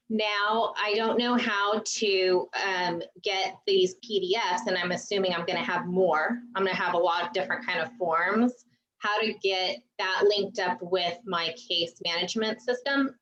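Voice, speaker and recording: A woman's voice: mid-range voice, steady tone, normal speed, fairly bright tone, roomy sound, highs cut off, slight background noise. A woman on a video call asking the group for help, hesitant and explaining her problem at length. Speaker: attendee asking a question.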